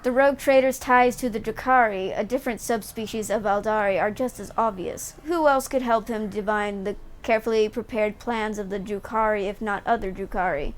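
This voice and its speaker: A man's voice: sits high, fairly quick, hardly any pauses, close to an everyday voice. A woman reading aloud the lines of a stern male interrogator who formally accuses someone. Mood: accusing. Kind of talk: reading game dialogue aloud.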